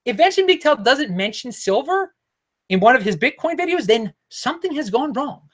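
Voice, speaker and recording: Excitable Baltimore-accented man, rambling. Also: very high voice, normal speed. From Baltimore, United States. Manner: rambling, excitable, frequent restarts. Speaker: cryptocurrency video host. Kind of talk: casual vlog monologue.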